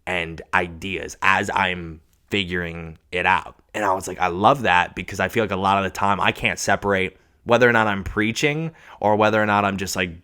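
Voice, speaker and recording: A young man from Washington state hosts a casual solo podcast. His voice sits fairly low. He rambles in halting starts and restarts, swears often and calls the listener dude. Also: pushed and bright. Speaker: podcast host.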